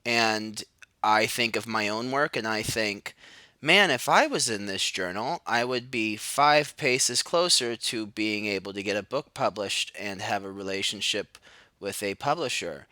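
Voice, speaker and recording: A man hosts a solo podcast monologue. He is sardonic and self-mocking, and his fairly low voice has a bright, forceful edge. The sound is close and dry. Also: lively intonation, a little slow, no echo. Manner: sardonic, self-mocking, shouts mock cries. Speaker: podcast host.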